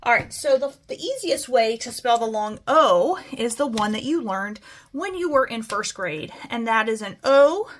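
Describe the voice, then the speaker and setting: A woman's voice: a little high, expressive. A woman teaching a phonics lesson to children, stretching out words as she models them. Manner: slow, stretched-out word modeling.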